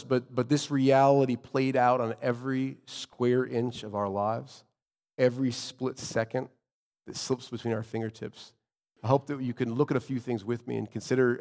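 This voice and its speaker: A man's voice: mid-range voice, darkish tone, long reverb tail. A man preaching a sermon as pastor, reading scripture aloud and praying in an earnest, emphatic way.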